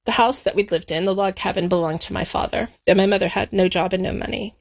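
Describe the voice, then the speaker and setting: A woman speaking in an interview, recalling her past at an unhurried, thoughtful pace. Her voice sits at an ordinary middle pitch. She slows down and lets the heavier moments settle. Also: creaky. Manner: measured, reflective storytelling, slowing on painful moments. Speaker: interview guest. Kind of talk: personal recollection in interview.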